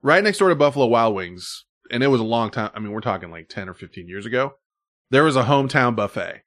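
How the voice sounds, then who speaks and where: Man, casual host, lively pitch, laughing, animated storyteller. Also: fast talker. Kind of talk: casual chat.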